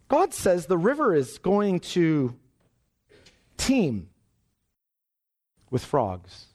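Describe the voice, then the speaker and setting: Animated male pastor preaching. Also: fairly high pitch. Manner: animated preaching, dramatic scripture reading with shifting pace. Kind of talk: sermon.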